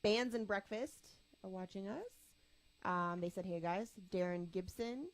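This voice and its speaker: A woman's voice: medium pitch, unhurried, heavy background noise. A woman co-hosting an online rock show, chatting casually and frankly with a wry humor while reading out viewer comments. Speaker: show co-host. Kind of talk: casual radio-style chat.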